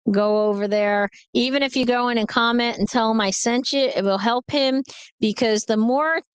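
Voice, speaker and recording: Casual woman streamer, tired trucker, smooth higher voice, tells rambling stories, dry sound. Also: normal speed, no room sound. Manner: chatty storyteller, reads and answers viewer comments. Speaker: truck driver streaming live. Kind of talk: casual livestream chat.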